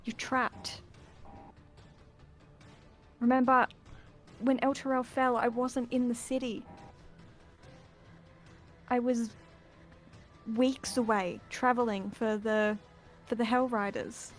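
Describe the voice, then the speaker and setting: A woman's voice: a little high, flat delivery, slow pace, long pauses, faint music behind. A woman playing an earnest searching traveler. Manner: urgent, earnest, pleading.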